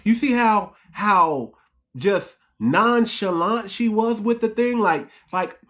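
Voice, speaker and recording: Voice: medium pitch, expressive, unhurried. A channel host in a heated commentary monologue, repeating points and firing off rhetorical questions at the audience, whom the host keeps calling family. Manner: rhetorical questions, emphatic restarts.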